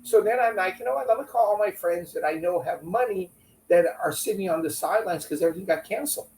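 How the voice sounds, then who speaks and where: A man telling a business story in an interview, animated and acting out what friends said. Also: sits high, quick pace. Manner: animated, acts out quotes from friends. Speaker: business owner guest. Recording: echoey room, a bit far from mic, faint hum.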